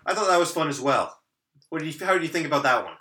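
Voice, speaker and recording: A man's voice: fairly high pitch, lively intonation, quick pace, sharp tone. A young man hosting a podcast, chatting casually and telling stories in a rambling, hesitant way. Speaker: podcast host. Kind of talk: casual chat. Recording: roomy echo.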